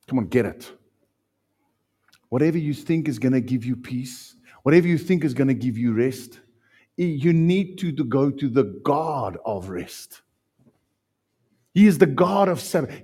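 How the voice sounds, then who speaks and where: A South African man preaching a sermon with passion, swinging from loud outbursts to hushed lines. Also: medium pitch, breathy edge. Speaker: pastor.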